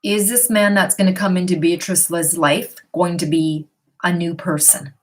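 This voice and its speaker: A woman's voice: on the low side, fairly even intonation, a little slow. A middle-aged woman at home giving tarot readings to viewers on a live stream, reading their questions aloud and answering in a chatty, reassuring way. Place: her home. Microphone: computer or phone on a live stream.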